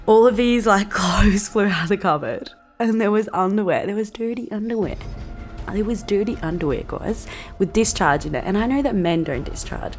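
A young woman in her twenties, hosting a podcast and telling a story in a brash, sweary, animated way. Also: medium pitch, moderate pace, faint music behind. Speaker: podcast host. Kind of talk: casual storytelling monologue.

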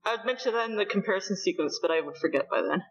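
A woman from Canada, co-hosting a podcast and recapping manga chapters in an animated, storytelling way. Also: mid-range voice, rapid-fire, lo-fi sound, slight background noise. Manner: animated storytelling, laughs often. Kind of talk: casual chat.

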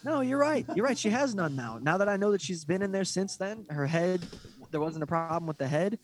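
Male podcast co-host, slightly high voice, hesitant, thinks aloud. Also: animated, a little fast. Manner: hesitant, searching for words. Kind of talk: casual fight-talk chat.

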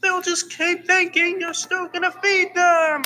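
A shrill, squeaky cartoon food character. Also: male voice, level tone, a little slow, sharp tone, slight background noise, full character voice. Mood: argumentative.

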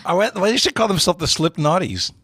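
A man's voice: high-pitched, lively intonation, a bit bright, slightly rough, no echo. A man in a casual group quiz who keeps cracking puns and teasing the others. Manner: jokey, quick with puns.

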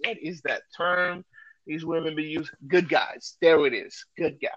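A man co-hosting a podcast, talking loudly and joking in a casual, animated way. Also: fairly high pitch, moderate pace, muffled recording, slight background noise. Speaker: podcast co-host.

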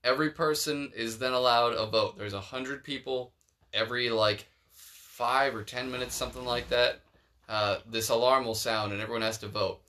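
Bright-voiced profane young podcast host. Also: male voice, medium pitch, steady tone, normal speed, slight background noise. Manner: profane, rambling, laid-back. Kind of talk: casual podcast banter.

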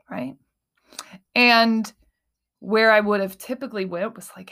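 Young woman, solo podcast host, casual and chatty, voices her inner thoughts in lively asides. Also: mid-range voice, unhurried. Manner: animated, acts out her inner voices, says "right?" often.

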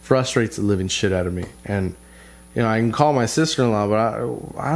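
A man's voice: medium pitch, expressive, fairly quick, creaky. A man telling a rambling family story in casual talk, swearing constantly and repeating himself with frustration. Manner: profane, frustrated, rambling with many restarts and fillers. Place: lives in Texas.

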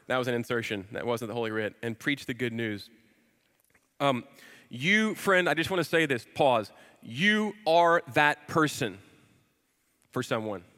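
Forceful, bright-voiced preacher in a reverberant hall. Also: male voice, mid-range voice, moderate pace. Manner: animated storytelling, emphatic repetitions. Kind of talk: sermon.

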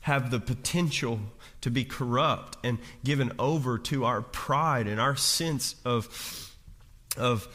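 A man's voice: medium pitch, slow, bright, forceful tone. Man preaching a chatty sermon in a hall. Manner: chatty, jokey, asks the congregation questions, many restarts. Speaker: pastor. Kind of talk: conversational sermon. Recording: reverberant hall.

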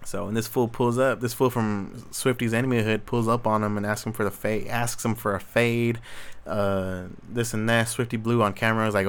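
A man's voice: lowish voice, steady tone, moderate pace, smooth. A man hosting a solo podcast, ranting casually with blunt opinions, heavy street slang and constant swearing. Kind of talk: casual commentary rant.

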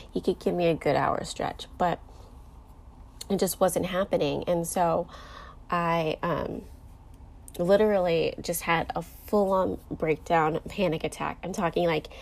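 A woman in her thirties talks openly on her own podcast, her low voice edged with vocal fry. She stumbles through fillers and restarts, sounding close to tears. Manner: candid, emotional, with many fillers. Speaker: podcast host. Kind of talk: personal podcast monologue.

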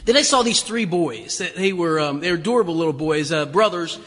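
Man, pastor, storytelling sermon, high voice, rambling with fillers, long church reverb. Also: animated, fairly quick, a bit bright. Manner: chatty, hesitant, full of fillers and restarts. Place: church sanctuary.

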